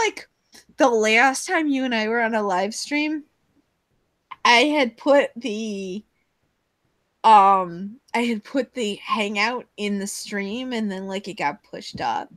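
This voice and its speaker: A woman's voice: a little high, slow, a bit bright, dry recording. A woman hosting a casual live stream chat, rambling and giggly as she jumps between topics, heard over a video call.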